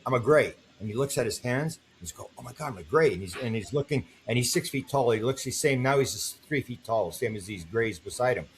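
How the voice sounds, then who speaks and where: A man's voice: lowish voice, slight background noise. An older man, a guest on an interview podcast, telling long stories and acting out the voices of the people in them. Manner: animated storyteller, acts out quoted voices.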